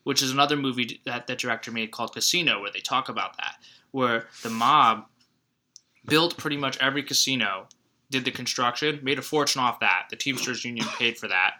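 A man's voice: medium pitch, fairly quick. A man co-hosting a podcast, chatting casually and animatedly about a film and acting out its lines. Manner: animated, acts out movie lines in put-on voices. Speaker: podcast co-host. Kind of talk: casual chat.

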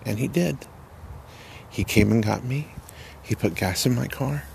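A man telling a personal testimony in a halting, earnest way, repeating words as he goes. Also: mid-range voice, vocal fry, darkish tone, a little hiss or hum. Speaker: person sharing a recovery story.

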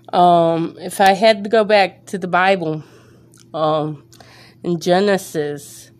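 A woman hosting a faith podcast, out of breath, talking in an earnest, preacherly way with halting pauses and fillers. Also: lowish voice. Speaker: podcast host. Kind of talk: faith podcast monologue with prayer.

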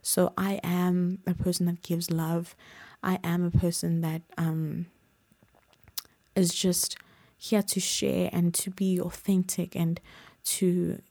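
A woman's voice: on the low side, level tone, takes it slowly, gravelly, dark tone, no room sound. A woman hosting a casual solo podcast, talking in a reassuring, rambling way with many fillers into a desk mic she keeps bumping. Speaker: podcast host.

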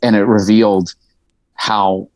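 A man's voice: fairly low pitch, flat delivery, takes it slowly, a little mellow. A man from Indiana, talking as a musician guest in a frank, emotional and sometimes profane way, with laughing asides. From Indiana, USA. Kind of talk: candid conversational storytelling.

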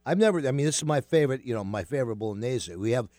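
A man's voice: rapid-fire, no room sound. A man with a New York accent hosting a talk show in casual, rambling chat. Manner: animated, rambling, loud jumps in pitch.

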